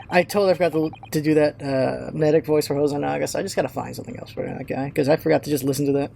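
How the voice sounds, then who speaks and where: A woman's voice: deep voice, steady tone, quick pace, vocal fry, few pauses, mellow, a little hiss or hum. A young woman hosting a video game playthrough, chatting casually with self-mocking asides. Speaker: let's-play host.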